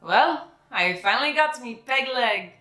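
A woman's voice: a little high, expressive, moderate pace. A woman voicing a blustery male pirate captain in a storybook, talking in salty pirate speech. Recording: echoey room, soft music behind.

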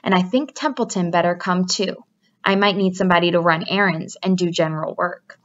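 A woman voicing a gentle, wise female spider who speaks softly and calmly, in a dull lo-fi recording. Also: lowish voice, brisk, close to an everyday voice. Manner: soft and calm.

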